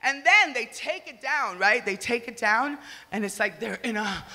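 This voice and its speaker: A woman from the Republic, doing a crude, loud stand-up comedy set and shouting her punchlines. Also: a little high, expressive, normal speed. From Dominican Republic. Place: comedy stage before an audience. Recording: reverberant live venue, faint ambience.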